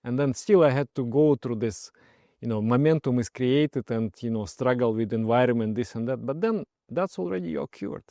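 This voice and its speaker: Male meditation teacher, gentle storyteller, medium pitch, dry recording. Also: moderate pace, vocal fry, dry recording. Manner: soft-spoken, often trails off quietly, laughs while telling stories. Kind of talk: personal story and spiritual advice.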